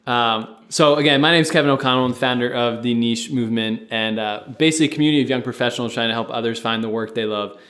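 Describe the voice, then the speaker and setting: A young adult man, the podcast's founder and co-host, talks casually in a studio with a producer present, rambling a little with fillers and restarts. His mid-range voice is fast, with hardly any pauses, a bit bright, and the sound is roomy.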